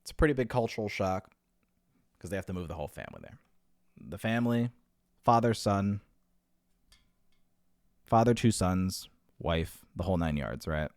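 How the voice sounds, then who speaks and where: A man's voice: low voice, expressive, moderate pace, long pauses, no echo, clean studio sound. A man telling long rambling jokes, amused by his own material. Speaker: joke teller. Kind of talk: rambling comedic storytelling.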